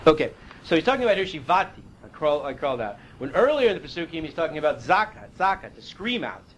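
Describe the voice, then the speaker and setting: High-voiced man teaching Psalms verse by verse. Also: big pitch swings, fast, a little hiss or hum, poor audio. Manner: explains Hebrew verses with casual asides, loses his place. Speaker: Torah teacher.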